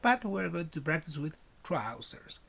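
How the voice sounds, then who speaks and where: Man teaching a slow English class. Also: fairly high pitch, sing-song, creaky, a bit bright, a little hiss or hum. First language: Spanish. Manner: slow, repeats words for learners to copy. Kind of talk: recorded online class.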